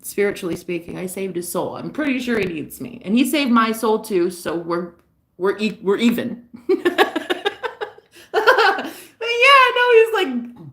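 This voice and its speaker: A woman chatting in a casual, gossipy vlog monologue, animated and profane, often laughing as she talks. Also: medium pitch, measured pace. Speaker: spiritual reader and vlogger.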